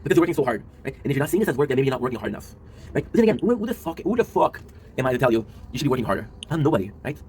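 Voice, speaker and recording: A man in his twenties, a streamer and video creator, talking in a casual confessional monologue. He sounds low and worn out, rambling, tagging lines with a question and swearing often. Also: big pitch swings, racing, darkish tone, a little hiss or hum, rough recording. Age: 20s.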